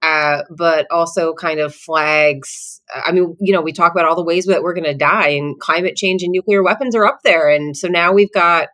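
A woman's voice: fairly low pitch, steady tone, moderate pace, few pauses, a bit bright. A woman co-hosting a podcast in casual chat, upbeat and playful with hesitant fillers. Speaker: podcast co-host.

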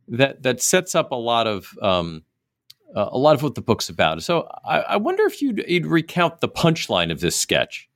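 Halting male interviewer, dry close sound. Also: medium pitch, fairly bright tone, dry recording. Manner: hesitant, with many fillers and restarts. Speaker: interview host. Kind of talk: interview questions.

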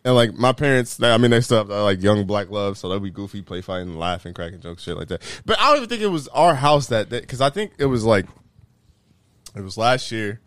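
A young man tells a story among friends with a lively, swooping voice, laughing and cursing as he acts out each person. The sound is dry and close, with little room echo. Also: fairly low pitch, a little fast. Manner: animated, profane, laughing while acting out quotes. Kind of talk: casual storytelling chat.

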